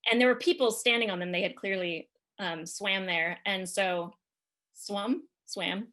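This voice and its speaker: A woman's voice: medium pitch, moderate pace, fairly bright tone. A woman, a podcast guest, telling a rambling comic travel story in a chatty way, full of fillers.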